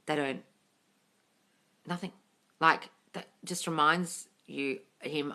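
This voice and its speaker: A woman hosts a live manifesting Q&A stream, reading viewer comments aloud in casual conversation. She swears freely, calls viewers darling, and bursts into gushing excitement. Her voice is low, and she talks slowly with frequent pauses.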